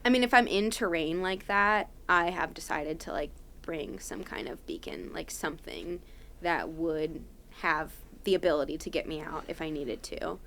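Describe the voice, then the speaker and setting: A woman's voice: low voice, moderate pace, a bit bright, a little hiss or hum. A young adult woman, a podcast guest, telling a story casually and animatedly with lots of "like" fillers.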